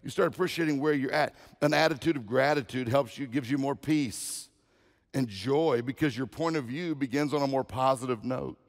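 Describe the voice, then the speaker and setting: A man's voice: medium pitch, normal speed, in a large hall. A man preaching as a guest speaker, telling folksy humorous stories and often repeating words. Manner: storytelling, folksy, repeats himself.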